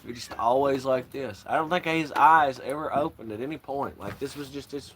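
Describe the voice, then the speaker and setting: A man's voice: medium pitch, normal speed, fairly bright tone, slight background noise. A man hosting a casual livestream, rambling and swearing freely and laughing often. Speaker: livestream host.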